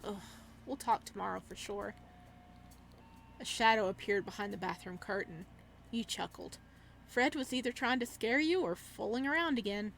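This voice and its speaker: A woman's voice: medium pitch, normal speed, creaky, pauses often, a bit bright, a little hiss or hum. A woman hosting a gaming channel, reading a horror visual novel aloud with dramatic delivery and startled, swearing reactions.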